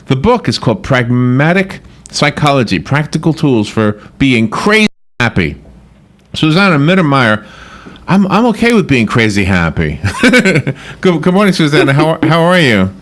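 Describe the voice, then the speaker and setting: A man's voice: mid-range voice, big pitch swings, moderate pace, a bit bright. A man hosting a radio talk show, chatting in a rambling way that often breaks off and restarts. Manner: chatty, rambling, self-interrupting. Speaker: radio host. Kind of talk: casual radio interview.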